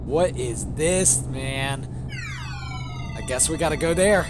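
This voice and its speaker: A young man giving live, profane commentary while playing a video game, often shouting in excitement. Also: fairly high pitch, takes it slowly, music in the background. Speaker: gaming streamer.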